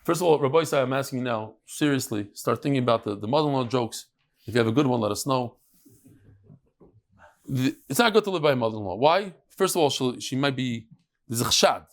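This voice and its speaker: A middle-aged man teaching a lively Talmud lesson to a live audience, mixing Hebrew and Yiddish terms and joking with listeners. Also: mid-range voice, fast talker. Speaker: rabbi teaching a daily Talmud class. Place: study hall with a live audience.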